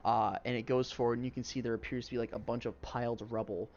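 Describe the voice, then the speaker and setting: A man running a tabletop game as game master, describing scenes in a loose, rambling, hesitant way with lots of fillers. His voice sits at an ordinary middle pitch. The recording is a little dull and lo-fi. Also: little pitch movement, fast talker, a little mellow, slight background noise.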